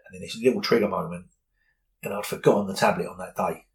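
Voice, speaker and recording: A man's voice: low-pitched, steady tone, fast, gravelly, low-quality recording. A middle-aged man, candidly telling a personal story in an interview, rambling with many fillers.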